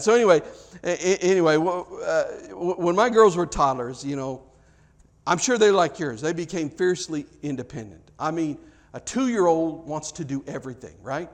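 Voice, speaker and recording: Conversational male pastor telling stories. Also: normal speed. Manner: conversational, self-interrupting, acts out dialogue with big pitch jumps. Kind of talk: sermon with storytelling.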